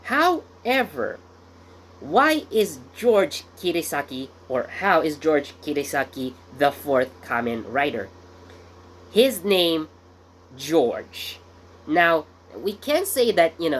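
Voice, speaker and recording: A man's voice: on the high side, sing-song, slow, fairly bright tone, slight background noise. A man hosting his own video channel, talking casually in a rambling way with many fillers and self-corrections. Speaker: YouTube channel host. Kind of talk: casual commentary vlog.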